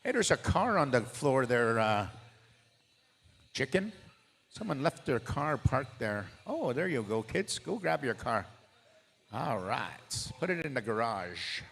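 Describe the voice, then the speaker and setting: A man's voice: mid-range voice, big pitch swings, measured pace, vocal fry, a bit bright, breathy edge. A man emceeing a powwow contest over the arena PA, hyping the crowd between calls and jokes. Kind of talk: live event announcing. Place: large indoor powwow arena. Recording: echoey arena PA sound.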